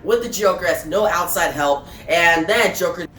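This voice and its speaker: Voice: mid-range voice, moderate pace, a bit bright, a little hiss or hum. A reviewer casually retelling a comic book issue, adding fillers like "right?" and "guys". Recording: echoey room, far from mic, faint music.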